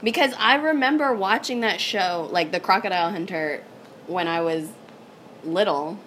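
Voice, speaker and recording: A woman's voice: on the low side, moderate pace, a bit bright, a little hiss or hum, rough recording. A young woman, a college student, chatting casually in a wry, laughing way. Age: young adult. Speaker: college student podcast co-host. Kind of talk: casual chat.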